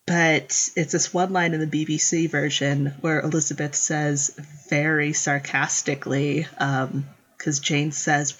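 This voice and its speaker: A woman's voice: sits low, little pitch movement, measured pace, highs cut off. A woman chatting casually and animatedly, often acting out quotes and laughing. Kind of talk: casual chat about book adaptations.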